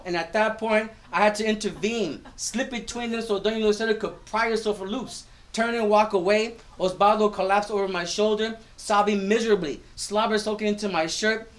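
A man's voice: sits high, fairly even intonation, moderate pace, few pauses. A man giving a live reading of his own prose, telling it expressively and mixing in Spanish phrases. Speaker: teacher.

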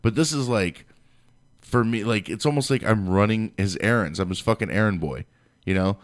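A man's voice: fairly low pitch, moderate pace, dry recording. A young man co-hosting a podcast, telling a workplace story in casual, profane chat and acting out what people said. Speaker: podcast co-host.

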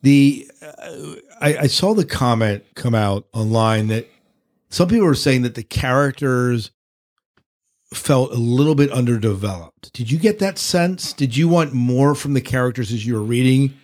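A man's voice: medium pitch, lively intonation, moderate pace, darkish tone. Rambling man hosting a book chat. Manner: rambling, teasing. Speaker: podcast host. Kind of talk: casual book discussion.

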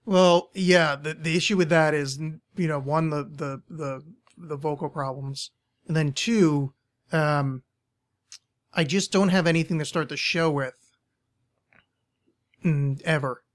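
Hoarse man hosting a podcast. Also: on the high side, fairly even intonation, a little slow, long pauses. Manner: rambling, self-deprecating. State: strained, blown-out voice. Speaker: podcast host. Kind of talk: casual studio chat. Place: studio.

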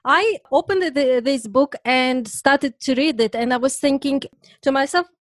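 A woman's voice: high voice, unhurried, dry recording. A woman co-hosting a podcast, asking questions and reflecting earnestly. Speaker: podcast co-host. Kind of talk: podcast interview.

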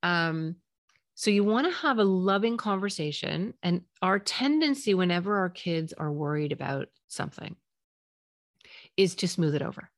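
A woman hosting a parenting podcast, talking gently and reassuringly in a solo advice episode. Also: mid-range voice, animated, moderate pace, no echo, studio quality. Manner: gentle, reassuring, acts out parent and child lines.

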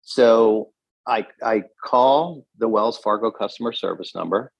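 A man's voice: lowish voice, unhurried, gravelly, breathy edge, rough recording. A man, a gun shop owner being interviewed, earnestly recounting what happened with frequent restarts. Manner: earnest, recounts events with restarts and quoted dialogue. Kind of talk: interview, telling his story.

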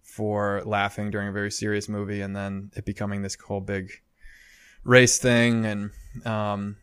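A man's voice: on the low side, little pitch movement, moderate pace, a bit bright, clean tone, dry recording. Chatty man laughing through a story. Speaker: podcast co-host, priest. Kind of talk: casual chat.

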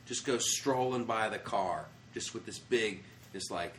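An American man, a comedian, telling travel stories in a casual interview, animated and profane, acting out the people he quotes. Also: lowish voice, measured pace, reverberant, slight background noise. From United States. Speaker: comedian guest. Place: comedy club after a show.

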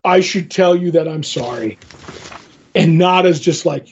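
A man with a high, breathy voice talks through comic book pages on a podcast, acting out each character's lines. The sound is a bit dull. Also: unhurried. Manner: animated retelling of comic panels, quoting characters with lots of "he's like". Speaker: podcast co-host. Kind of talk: casual comic book discussion.

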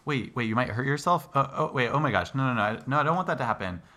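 A man playing an eager young male psychiatry resident in an educational role-play, earnest and quick to stammer. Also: mid-range voice, animated, bright, forceful tone. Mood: flustered. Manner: earnest, stammers under pressure.

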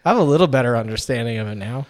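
A man's voice: medium pitch, expressive, very fast, darkish tone. A man chatting casually as a podcast co-host, trading jokes with friends. His voice sits in a middling register and carries a long reverb tail, as if recorded in a big echoing space. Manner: joking, reads lists aloud. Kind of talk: casual chat.

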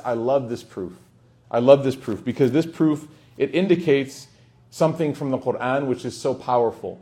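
A man speaking as an imam and teacher at a community gathering, in a casual, joking lesson style sprinkled with Arabic phrases. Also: mid-range voice. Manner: warm, joking, peppers speech with Arabic phrases.

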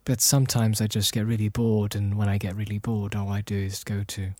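A man's voice: lowish voice, level tone, brisk, mellow, dry recording. A young man co-hosting a podcast in casual chat, talking in a dry, rambling, self-mocking way. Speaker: podcast co-host.

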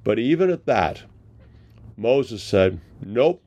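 Gravelly-voiced male pastor preaching. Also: mid-range voice, moderate pace, mellow, dull audio. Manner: conversational storytelling with paraphrased dialogue. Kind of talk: sermon.

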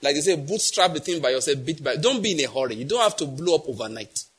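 Husky high-voiced Nigerian preacher. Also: male voice, expressive, quick pace, a bit bright. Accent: Nigerian English. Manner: emphatic, quizzes the congregation with repeated questions. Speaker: pastor. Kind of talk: sermon.

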